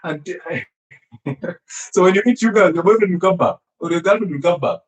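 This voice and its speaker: A man giving an animated health talk, emphatic and teasing, often laughing and throwing rhetorical questions at his listeners. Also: high-pitched, rapid-fire. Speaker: health speaker. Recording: echoey room.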